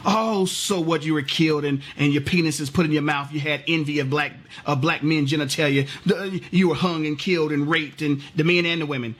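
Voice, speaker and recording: Heated husky man ranting. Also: a little high, a little fast, a bit bright. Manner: heated, profane, rhetorical questions. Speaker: vlogger. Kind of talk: impassioned political rant.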